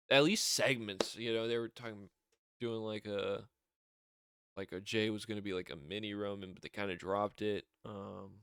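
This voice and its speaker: A man's voice: fairly low pitch, a bit bright, clear, resonant tone, no room sound, clean studio sound. A man giving a rambling, casual recap as a show reviewer, often acting out quotes. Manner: rambling, acts out wrestlers' lines in raised voice.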